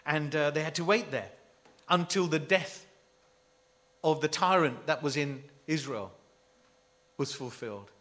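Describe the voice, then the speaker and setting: A man's voice: fairly high pitch, unhurried, fairly bright tone. A man preaching a sermon, emphatic and full of rhetorical questions to his listeners.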